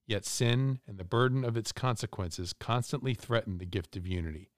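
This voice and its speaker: A man reads a formal religious passage aloud, measured and steady. His voice sits low, recorded close and dry with no room sound. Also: dry recording. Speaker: podcast reader. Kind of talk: reading a religious text aloud.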